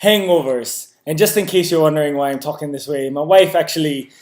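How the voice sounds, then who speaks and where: A man's voice: a little high, a little fast, darkish tone, reverberant. A man hosting a casual educational vlog in a put-on Irish accent, playfully explaining step by step. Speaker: host.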